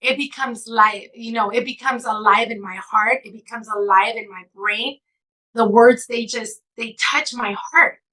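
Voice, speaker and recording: A woman's voice: a little high, sharp tone, rough recording. A woman author being interviewed, telling stories earnestly and with emotion, switching into Spanish at times. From California, United States. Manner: emotional, earnest storytelling, slipping into Spanish phrases. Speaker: author and guest. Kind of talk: heartfelt interview answer.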